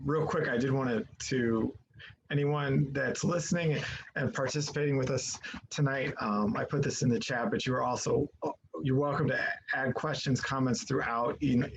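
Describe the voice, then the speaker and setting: A man moderating an online panel, speaking thoughtfully and haltingly with many fillers over a video call. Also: medium pitch, background noise.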